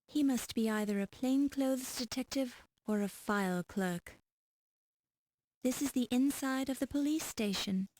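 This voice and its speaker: A woman's voice: sits high, unhurried, a little mellow, dry recording. A woman reading scripted narration and notices for a 1990s adventure game. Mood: calm.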